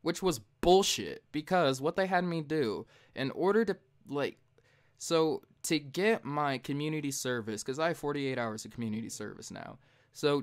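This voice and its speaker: Profane, heated young man telling stories. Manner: profane, heated, animated retelling; jumps high and loud when mimicking himself. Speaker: podcast host. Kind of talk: casual late-night podcast storytelling.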